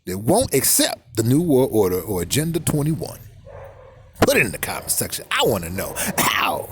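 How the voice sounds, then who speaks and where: A man ranting in a crude, comedic vlog monologue, repeating words rapid-fire and mimicking voices and sound effects. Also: mid-range voice, wildly swooping pitch, slight background noise. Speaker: vlogger.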